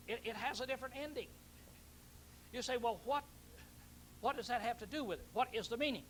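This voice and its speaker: A man's voice: extremely high pitch, animated, brisk, pauses often, a bit bright, a little hiss or hum, poor audio. A man preaching a Bible teaching sermon, emphatic, repeating key words and questioning his listeners.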